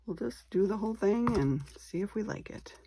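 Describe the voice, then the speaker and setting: A woman hosts a casual step-by-step craft tutorial, chatting and thinking out loud as she works and going easy on herself when she slips up. Her voice is medium-pitched, animated and warm, with a moderate pace. A faint hiss or hum sits under the recording.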